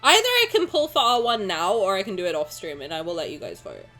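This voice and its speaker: A young woman streaming a game, chatting playfully to her viewers, joking and breaking into excited shouts. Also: mid-range voice, quick pace, faint music behind. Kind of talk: casual game stream commentary.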